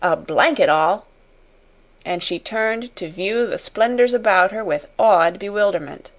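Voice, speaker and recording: A woman narrating an audiobook in a slow, measured reading voice. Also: medium pitch. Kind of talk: scripted narration.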